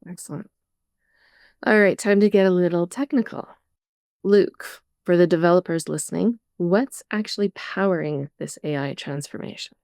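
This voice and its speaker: A woman's voice: lowish voice, normal speed, darkish tone, dry recording, clean studio sound. A woman guest-hosting a podcast, affirming answers and posing questions to her guests. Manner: brief affirmations, clear question setups. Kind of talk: podcast interviewing.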